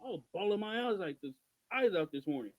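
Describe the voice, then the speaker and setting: A man with a somewhat raised pitch co-hosts a loose podcast conversation. He talks in an exasperated, emphatic rant, hammering his points home. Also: expressive, fast talker, rough recording. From Missouri. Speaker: podcast co-host. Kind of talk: casual podcast chat.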